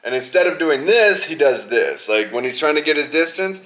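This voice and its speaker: A man hosts a podcast and delivers a heated, profane rant. His voice is sharp and bright, and he stays mocking and fired up throughout. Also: fairly high pitch, sing-song, moderate pace. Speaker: podcast host. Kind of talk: angry rant.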